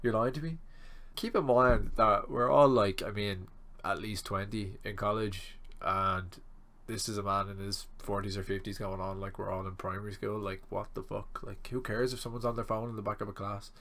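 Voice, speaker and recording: A young man in his twenties telling a rambling, animated storytime vlog, swearing freely. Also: lowish voice, normal speed. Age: 20s. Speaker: student vlogger.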